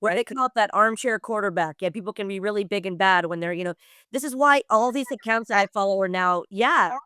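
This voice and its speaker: A woman's voice: mid-range voice, fairly quick, pushed and bright, clean tone, dry recording, studio quality. Chatty woman hosting an interview. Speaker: podcast host. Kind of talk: casual interview chat.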